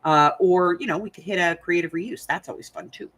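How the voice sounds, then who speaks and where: A woman's voice: lowish voice, a little fast, fairly bright tone, slightly rough. An older woman from the United States hosting a crafting channel, chatting casually and rambling to her viewers while she thinks aloud.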